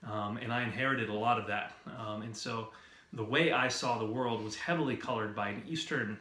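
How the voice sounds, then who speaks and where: A man from the West speaking about his background in a measured, thoughtful way. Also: lowish voice, bright, forceful tone. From raised in the West. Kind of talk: reflective personal talk. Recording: roomy echoey room.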